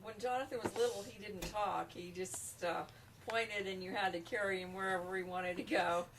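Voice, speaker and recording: An older woman, a grandmother, recalling her grandson's childhood in a plain, unhurried way. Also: mid-range voice, steady tone, over loud music. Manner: plain, unhurried, with small restarts. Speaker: grandmother recalling family memories. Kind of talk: casual home-video interview. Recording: distant home camera mic with faint hiss.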